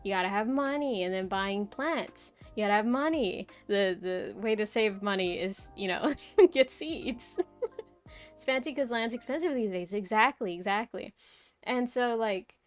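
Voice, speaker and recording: A woman's voice: mid-range voice, lively intonation, a little slow, faint music behind. A young woman streamer chatting casually, rambling through a story with lots of "like" and "right?".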